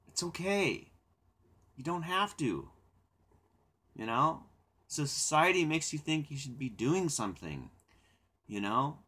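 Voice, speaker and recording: A young man hosting a live stream, chatting casually with viewers in a rambling way, with repeated words and laughter. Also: medium pitch. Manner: reflective and calm when talking about silence. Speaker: livestream host.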